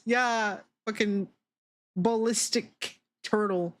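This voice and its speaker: A woman's voice: medium pitch, unhurried. A young adult woman streamer chatting casually, giggling a lot and swearing as she reacts to chat.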